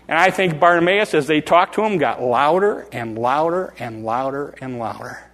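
An older man preaching a sermon, dramatic and animated, acting out voices from the story. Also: a little high, normal speed, hardly any pauses, in a large hall. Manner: dramatic, acts out the crowd and beggar in rising calls.

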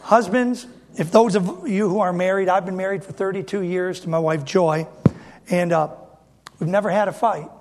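A high-pitched man in his fifties preaching to his congregation. He speaks in a folksy, emphatic way and keeps returning to the same rhetorical question. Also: fairly even intonation, normal speed, a little mellow. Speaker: pastor. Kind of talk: sermon.

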